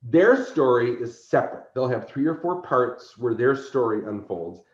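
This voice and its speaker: Speaking at an ordinary pace in a mid-range voice, this man is interviewed as a convention organizer on a relaxed podcast. He's a lively storyteller who plays out the characters in his tales. The audio is slightly dull, with a roomy feel.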